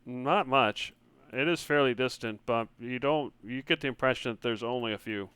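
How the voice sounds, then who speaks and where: A man running a tabletop game as game master, relaxed and hesitant, with many fillers. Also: mid-range voice, normal speed, clean tone, no echo.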